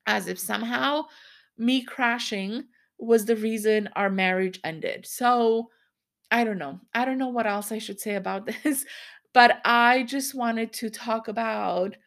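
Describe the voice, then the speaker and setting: Woman podcast host, thirties, a bit high-pitched, candid, rambling, frequent laughter. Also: measured pace, gravelly, fairly bright tone. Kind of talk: solo podcast monologue.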